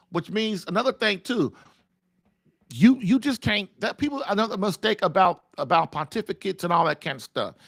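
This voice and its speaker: A man's voice: high voice, no room sound, clean studio sound. A man hosting a podcast, talking earnestly in a loose, preaching-style manner and addressing listeners directly. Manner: animated, earnest, conversational with "man" and "you know". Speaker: podcast host. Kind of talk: preaching-style casual talk.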